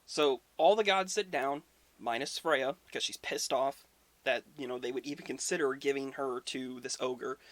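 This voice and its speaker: A man's voice: medium pitch, normal speed, fairly bright tone, no room sound. Brief: a man hosting a history video, laid-back storytelling with some profanity, dry close sound. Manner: informal, swears, conversational fillers. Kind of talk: casual storytelling.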